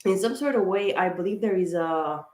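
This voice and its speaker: A woman with a fairly low, darkish voice and a moderate pace gives a casual astrology reading to camera. She's a tarot reader and channel host recorded in an echoey room, chatty and rambling, repeating "of course" and "guys" as she gets worked up.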